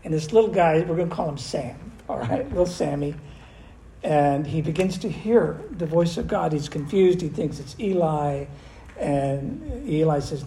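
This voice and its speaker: Older man, pastor, conversational sermon, slightly high voice, echoey room with faint noise. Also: moderate pace. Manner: conversational, animated preaching with restarts.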